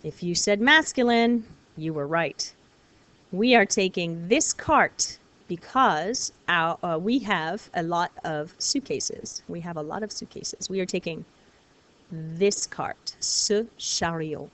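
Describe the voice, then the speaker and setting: A woman teaching a recorded lesson, explaining clearly and patiently, step by step. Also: lowish voice, slow pace, fairly bright tone. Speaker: French teacher.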